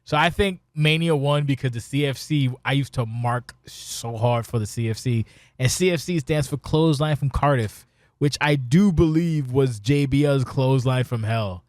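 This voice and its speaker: A man hosting a casual podcast, talking in an excitable, profane, rambling way. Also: mid-range voice, moderate pace, no room sound, studio quality. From Spanish heritage. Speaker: podcast host.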